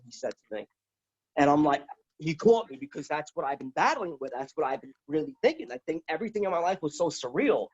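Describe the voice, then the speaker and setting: A man with a fairly high voice tells a long personal story as a guest, in loose casual talk. He rambles, repeats words and keeps quoting what others said. The recording sounds dull and lo-fi. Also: big pitch swings, fast talker, husky. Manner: quotes others with "he's like".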